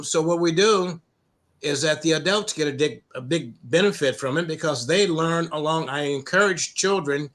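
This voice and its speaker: A middle-aged man from the United States, a program founder telling stories in an interview, with many restarts and an occasional cleared throat. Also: on the high side, a bit bright. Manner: halting, many restarts and repeated words. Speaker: anti-bullying program founder, guest. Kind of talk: conversational interview storytelling.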